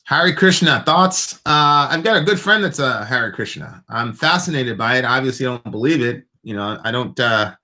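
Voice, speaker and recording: A man's voice: medium pitch, animated, normal speed, hardly any pauses, bright, forceful tone. An American man co-hosting a casual talk show, rambling with many hesitant restarts. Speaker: podcast co-host. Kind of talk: casual chat.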